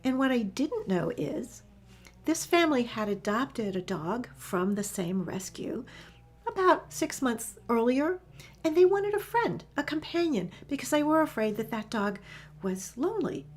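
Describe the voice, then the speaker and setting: Breathy woman telling a story. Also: fairly high pitch, sing-song, unhurried. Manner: chatty, with frequent fillers and restarts. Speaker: animal communicator. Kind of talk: casual storytelling to camera.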